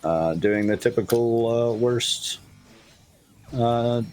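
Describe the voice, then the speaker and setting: A man co-hosting a casual gaming podcast, running through news with many halting fillers and blunt jokes. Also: mid-range voice, darkish tone, a little hiss or hum. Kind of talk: casual chat.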